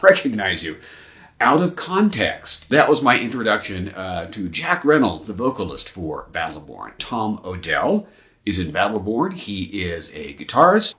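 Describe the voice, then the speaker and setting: A male metal host talks in a low register, his voice swinging up and down as he spins a casual, profane story. He speaks like a fan chatting with his viewers. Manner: lively, swearing, animated storyteller. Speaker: interviewer and channel host.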